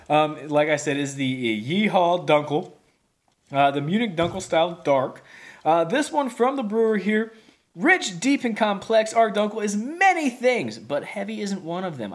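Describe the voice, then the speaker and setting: A man talks through a beer review in a loose, folksy ramble, circling back with plenty of fillers and restarts. His voice sits slightly higher than most men's. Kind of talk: casual video review.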